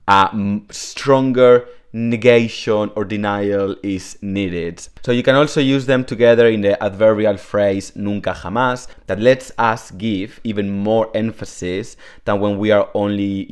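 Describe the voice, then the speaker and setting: Rambling low-voiced man. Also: unhurried, few pauses, clean tone. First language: Spanish. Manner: chatty, rambling, self-deprecating, filler-heavy. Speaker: Spanish teacher. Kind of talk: casual video lesson.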